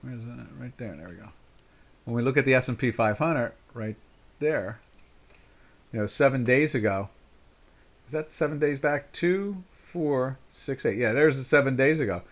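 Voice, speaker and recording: Rambling older American trading host. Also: male voice, medium pitch, normal speed. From United States. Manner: rambling, full of "you know" fillers and restarts. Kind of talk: live market commentary chat.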